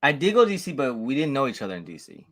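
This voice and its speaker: A man's voice: mid-range voice, racing, a crowd in the background. A man chatting as co-host on a livestream, retelling stories with a lot of laughter. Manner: laughing storyteller, animated retellings. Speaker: co-host friend. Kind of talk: casual chat.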